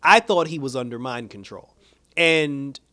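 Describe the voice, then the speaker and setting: A man talks through a TV episode in an easygoing, rambling recap, stringing thoughts together with "like" and "you know." His voice sits at an ordinary middle pitch. He sounds close to the mic in a dry, deadened room. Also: measured pace, no echo. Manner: rambling animated retelling, heavy filler "like". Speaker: TV episode reviewer. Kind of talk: casual recap and review.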